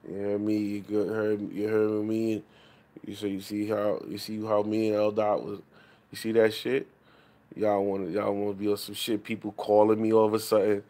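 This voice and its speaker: A man ranting profanely to his chat on a late-night livestream. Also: fairly low pitch. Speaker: live streamer. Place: home, at night.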